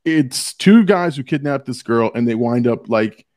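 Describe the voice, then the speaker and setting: A man's voice: medium pitch, lively intonation, measured pace, darkish tone, no room sound, studio quality. A man hosting a podcast, talking earnestly in casual chat and often restarting as he tells personal stories. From Hispanic family background. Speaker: podcast host.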